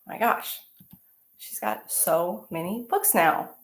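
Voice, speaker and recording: A woman teaching artist reading a picture book aloud to children, animated and exclamatory, often asking them questions. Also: medium pitch, slow, vocal fry, reverberant.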